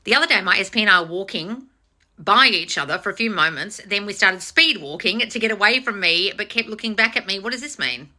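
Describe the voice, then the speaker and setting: Speaking in a mid-range voice, fairly quickly, a woman hosts a live stream as a manifestation coach. She responds to viewers' comments bluntly and with lots of cursing, teasing them directly in an animated way and mocking people through put-on voices.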